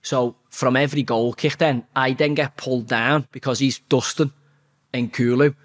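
A man's voice: medium pitch, steady tone, measured pace. A man in his forties, a former footballer telling a story as a podcast guest, blunt and heavily profane. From England. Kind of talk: casual storytelling.

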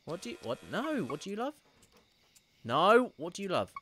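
A man's voice: high voice, huge pitch swings, normal speed, fairly bright tone, a little hiss or hum. A man streaming a video game live, joking around, thanking viewers for donations and reacting to scenes. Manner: joking, self-deprecating, reads out donations.

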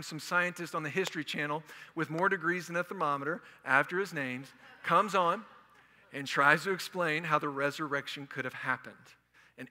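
A man's voice: fairly high pitch, pushed and bright. A man from Houston preaching a sermon as pastor, joking and talking in a loose conversational way. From Houston, Texas. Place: church sanctuary. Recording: long echo of a large church hall.

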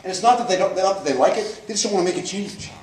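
A man's voice: sits high, animated, very fast, a little mellow, slight background noise. A man giving a folksy, emphatic motivational talk at a business coaching event, acting out the people he describes. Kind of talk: live motivational talk to an audience. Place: event hall, indoors. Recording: echoey hall, voice picked up from far off.

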